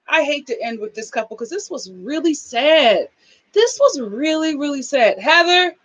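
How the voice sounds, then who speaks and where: A young adult woman hosts a casual review of a reality show, her voice sitting a little on the higher side. She talks with emphatic, animated energy and slips into acting out the scenes she recaps.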